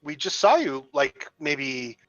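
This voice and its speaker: A man's voice: a little high, very animated, takes it slowly, fairly bright tone, no echo, dull audio, soft background music, heavily acted. A man voicing a nervous male acolyte who stammers and defers politely. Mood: flustered. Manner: stammering, hesitant.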